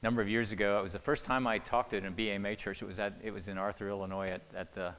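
A man's voice: lowish voice, little pitch movement, very fast, fairly bright tone. An older man giving a conversational church teaching on marriage, often repeating words and asking the audience questions. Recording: long hall reverb.

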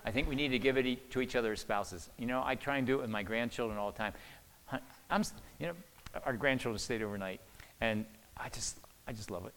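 Older male speaker, mid-pitched, conversational church teaching, stumbling repeats, long hall reverb. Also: fast, a bit bright. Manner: repeats words often while talking, asks the audience questions.

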